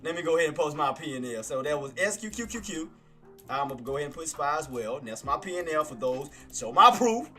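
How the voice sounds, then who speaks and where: A man giving live trading commentary, excitable and boastful, repeating himself as he shows his gains to viewers. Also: fairly high pitch, fast talker, faint music behind. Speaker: day-trading streamer.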